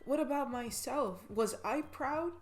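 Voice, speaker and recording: A woman's voice: high voice, unhurried, soft background music. A woman in her twenties, a vlogger giving a podcast-style pep talk in a passionate, emphatic way, swearing for emphasis.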